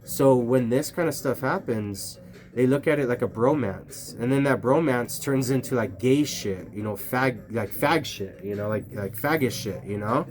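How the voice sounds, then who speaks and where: A man's voice: mid-range voice, normal speed. A man vlogging outdoors at night, rambling casually to his camera, swearing and laughing often. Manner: rambling, profane, laughs a lot.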